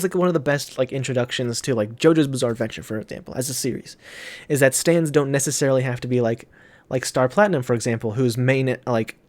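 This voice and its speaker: A young man in casual reaction commentary, excitable and swearing a lot, with many fillers. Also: mid-range voice. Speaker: manga reaction host.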